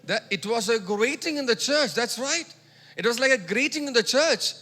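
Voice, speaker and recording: A male pastor preaching a sermon emphatically, repeating phrases, urging the congregation to echo words, and moving between loud exhortation and quiet teaching. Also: extremely high pitch, animated, moderate pace. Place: church hall. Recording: long hall reverb.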